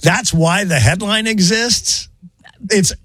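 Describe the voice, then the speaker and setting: A man's voice: high voice, takes it slowly, a bit bright, breathy edge, no echo. Wry male radio co-host, dry studio. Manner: wry, bemused, steers the segment. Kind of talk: casual morning radio banter. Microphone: studio microphone.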